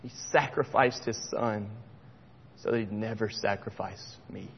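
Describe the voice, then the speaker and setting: A middle-aged man preaching a sermon, passionate, swinging between loud and hushed near-whispers. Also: lowish voice, unhurried, vocal fry, a little hiss or hum. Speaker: pastor. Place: church sanctuary. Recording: dull sound with long hall reverb.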